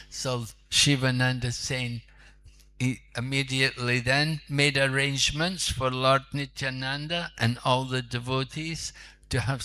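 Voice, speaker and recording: Male preacher, sermon storytelling; slow, bright, conversational with asides. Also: medium pitch. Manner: unhurried, conversational, with asides to listeners. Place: temple.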